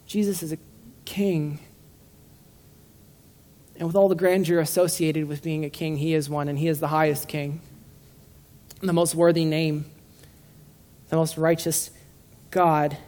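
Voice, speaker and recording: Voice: medium pitch, flat delivery, measured pace, long pauses, a little mellow. A laid-back preacher addressing a congregation in a room, talking in an easy, joking way. The delivery is full of stumbles and restarts, with a voice that sits in a middle register. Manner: informal and joking, with frequent restarts. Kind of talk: casual conversational sermon.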